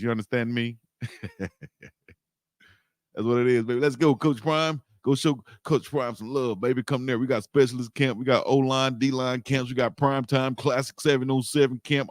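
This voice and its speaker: Give me a laid-back man chatting on a livestream, mid-pitched and recorded dry. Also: no echo. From South Georgia, US. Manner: chatty, repeats "baby" and shout-outs. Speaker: livestream host. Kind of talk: casual livestream commentary.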